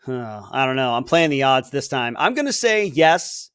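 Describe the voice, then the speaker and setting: A man's voice: medium pitch, big pitch swings, moderate pace, fairly bright tone, clean tone, no room sound, studio quality. A man co-hosting a podcast, guessing movie quotes, thinking aloud, hesitant, laughing easily. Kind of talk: casual podcast chat.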